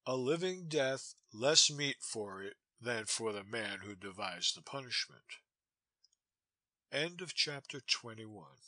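A man reading a classic novel aloud as a volunteer audiobook narrator, in a measured, expressive manner. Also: mid-range voice, no echo. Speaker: audiobook reader.

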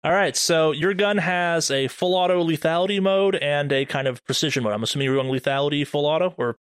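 A man running a horror tabletop game as game master, narrating monsters in a deliberate, vivid way with quick rules asides. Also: fairly high pitch, clean tone, no room sound.

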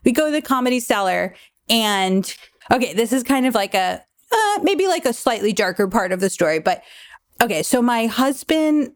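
A woman's voice: fairly high pitch, normal speed, no echo, clean studio sound. Chatty woman telling a story. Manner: lively anecdote-telling with frequent "like". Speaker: podcast guest, author. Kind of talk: casual podcast storytelling.

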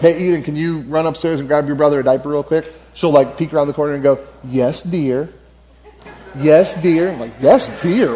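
A man's voice: a little high, darkish tone. A man in his thirties preaching a conversational sermon as pastor, telling stories and repeating key phrases for emphasis.

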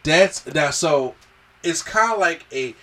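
A man's voice: on the high side, slow, distant mic. A man on a podcast casually recapping a film and acting out the characters' lines. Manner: animated retelling, acts out the characters' lines. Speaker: podcast host. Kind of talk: casual movie review chat.

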